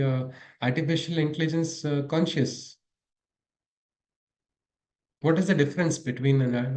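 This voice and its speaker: Frequent chuckles and questions for the audience run through this spiritual teacher's story-driven lecture. His voice is medium-pitched and a little mellow, and the room has a noticeable echo.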